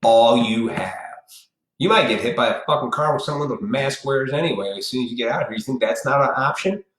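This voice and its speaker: Guy ranting on his live stream, swears a lot, preachy and blunt, middle pitch, echoey room. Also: fast talker, fairly bright tone. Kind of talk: ranting monologue.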